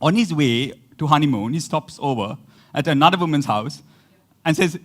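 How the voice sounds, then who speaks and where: Guy preaching in a loose chatty way, slightly high voice, laughs a lot, does little voices for quotes. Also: animated, normal speed. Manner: conversational, laughs often, acts out quotes. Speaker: pastor. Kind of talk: sermon.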